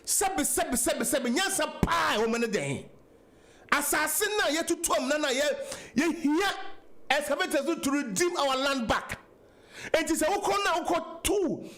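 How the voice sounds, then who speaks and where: Ghanaian male radio host, very high voice, impassioned and repetitive commentary. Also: expressive, moderate pace, fairly bright tone. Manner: impassioned, repetitive, switching between English and Twi. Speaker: radio talk show host. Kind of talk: political talk radio commentary.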